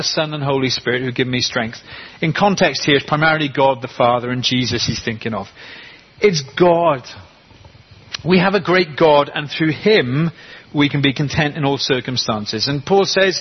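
A man preaching a sermon, emphatic and slowing down to stress key words. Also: fairly high pitch, slightly rough, lo-fi sound. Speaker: pastor.

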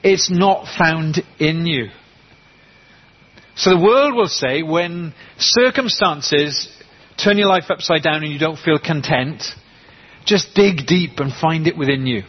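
Husky guy giving a sermon, leans hard on key words, kinda muffled recording. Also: a little high, animated. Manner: emphatic, slows down to stress key words. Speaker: pastor.

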